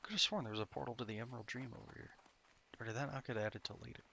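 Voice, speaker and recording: A man's voice: mid-range voice, racing, vocal fry, sharp tone, slight background noise. A tired, sleepy man casually commenting on his gameplay to himself, rambling and swearing. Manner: rambling, profane, self-talking. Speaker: streamer playing an online game.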